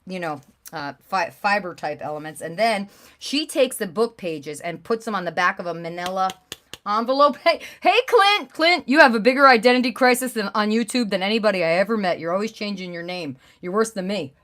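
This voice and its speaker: A woman hosting a craft livestream, chatting casually and gushing over pieces with bursts of excited exclamations. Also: mid-range voice, brisk. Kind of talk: casual chat while showing craft pieces.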